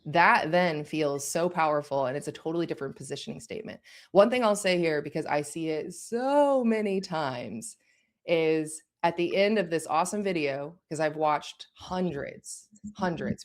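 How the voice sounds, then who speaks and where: Low-voiced woman teaching a course. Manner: direct, checks in with listeners. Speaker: course instructor. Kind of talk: conversational teaching.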